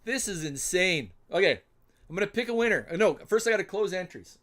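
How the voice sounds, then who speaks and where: A man hosting a solo livestream giveaway, flustered and muttering to himself as he fumbles with the software. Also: high voice, expressive, a little fast. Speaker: livestream host running a giveaway. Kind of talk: casual solo livestream chat.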